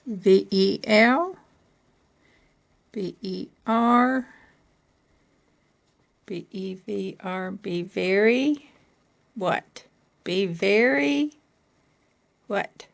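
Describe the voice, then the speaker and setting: A woman from Kentucky reading letters off a board one at a time, patiently asking questions and laughing softly now and then. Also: mid-range voice, drawn-out words, creaky, pauses often.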